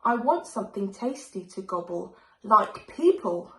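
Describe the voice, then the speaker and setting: Storybook dragon, big and hungry, slow growling threats; a woman reads it. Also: medium pitch, sing-song, pushed and bright, roomy sound, heavily acted.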